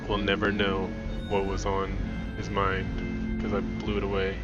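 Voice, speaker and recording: Slow-talking man rambling over game music. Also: low-pitched, completely flat delivery, muffled recording. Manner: rambling, thinking aloud with restarts. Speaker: gaming streamer. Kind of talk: casual let's-play commentary.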